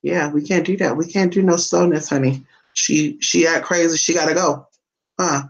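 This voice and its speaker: A vlogger at home chatting to the camera and a pet dog, cursing freely, calling everyone honey and jumping into a squeaky high voice to tease the dog. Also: steady tone, moderate pace, creaky, dull audio. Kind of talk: casual, profane home vlog. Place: indoors at home. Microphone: phone or camera set down nearby.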